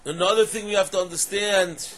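A man's voice: sits high, fairly even intonation, brisk, a bit bright. A man giving a Torah lecture in English full of Hebrew and Aramaic terms. He poses questions, then repeats and stresses them. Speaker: Torah teacher.

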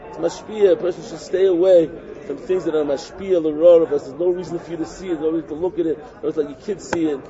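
A man giving an informal Torah talk, animated and repetitive, often acting out what other people say. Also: fairly high pitch, quick pace. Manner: animated, repetitive, acts out quotes. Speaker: religious teacher. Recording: muffled recording with crowd noise.

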